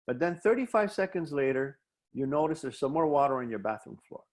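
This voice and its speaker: Animated man presenting a wellbeing webinar. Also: fairly high pitch. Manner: animated, acts out both sides of imagined dialogues; guides slow breathing exercises. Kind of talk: explaining coping strategies to an audience.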